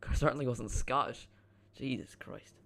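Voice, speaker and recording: A man's voice: medium pitch, moderate pace, vocal fry. A young man giving casual live commentary on a football match as a watchalong streamer, chatty, with swearing and self-mocking asides.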